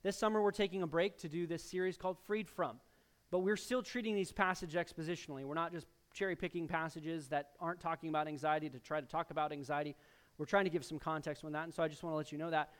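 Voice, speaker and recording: High-voiced man preaching a sermon. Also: fairly even intonation, quick pace, clear, resonant tone. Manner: emphatic preaching with sudden louder bursts and soft drops; addresses the congregation directly as church. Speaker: pastor.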